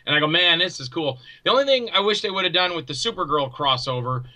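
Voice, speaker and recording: Bright-voiced, rambling man. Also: high-pitched, very fast. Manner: rambling, animated storyteller with many restarts. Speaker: guest, indie actor and filmmaker. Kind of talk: casual interview chat.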